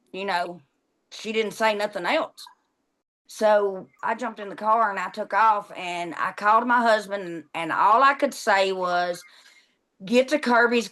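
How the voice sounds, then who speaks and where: A woman's voice: medium pitch, a bit bright. A woman, a victim's mother, telling in a documentary interview how she lost her son and acting out what was said. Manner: grief-stricken, reenacting dialogue.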